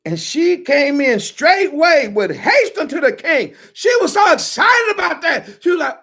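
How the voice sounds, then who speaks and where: A preacher giving a Sabbath sermon, talking slowly and emphatically, swinging from loud outbursts to hushed asides. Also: high-pitched, sing-song.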